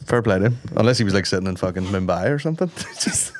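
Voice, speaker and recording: A man's voice: lowish voice, expressive, quick pace, no room sound. A man with a Northern Irish accent telling jokey stories and swearing freely in casual podcast chat.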